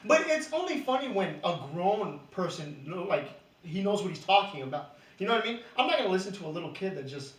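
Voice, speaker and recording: Young male co-host, high bouncy voice, jokey; echoey room, far mic. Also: fast. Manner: animated, jokey. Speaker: podcast co-host. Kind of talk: casual chat.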